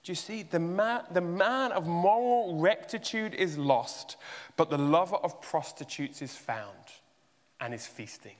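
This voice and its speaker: A man's voice: a little high, animated, a little slow, long reverb tail. A man preaching a sermon, asking the listeners many rhetorical questions and pushing his voice up for emphasis.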